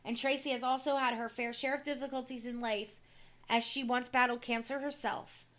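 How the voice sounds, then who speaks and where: A middle-aged woman co-hosting a casual talk show, reading news stories aloud with a slightly raised pitch. She is blunt and swears offhandedly. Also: level tone, moderate pace, a bit bright. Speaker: podcast co-host.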